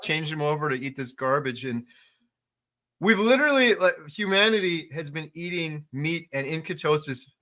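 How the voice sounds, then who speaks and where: A man's voice: fairly high pitch, lively intonation, moderate pace, bright, forceful tone. A man hosting a casual interview, talking with enthusiastic emphasis, piling up repeated words and fillers. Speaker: podcast host.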